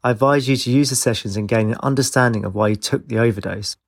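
A man's voice: mid-range voice, quick pace, creaky, dry recording. A man reading a story, voicing a disapproving senior doctor in a dull, abrupt tone. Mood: stern.

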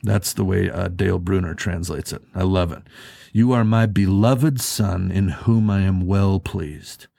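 A man's voice: sits low, unhurried, creaky, dark tone, no room sound. A man preaching a sermon in an earnest, conversational way, asking the listeners rhetorical questions. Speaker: pastor.

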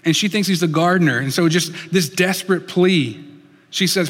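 A man preaching a sermon in an earnest storytelling way, dropping soft and slow for emphasis. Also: fairly high pitch, in a large hall. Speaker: pastor.

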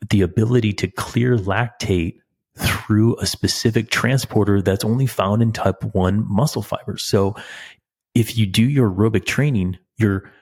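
Middle-aged male coach, very deep voice, relaxed explainer, podcast host. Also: slightly rough. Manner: relaxed, explanatory, frequent restarts and small laughs. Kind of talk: casual podcast talk answering a listener question.

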